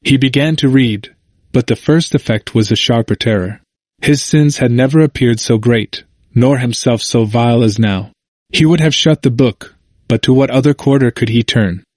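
A man reads an old history aloud in a measured, earnest manner. His voice is mid-pitched and plain, recorded dry and close with no room sound. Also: darkish tone, no echo. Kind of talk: reading a historical text aloud.

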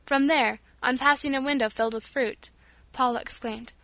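A woman narrating a storybook as an audiobook, reading in a clear, expressive way. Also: sits high, moderate pace, no echo.

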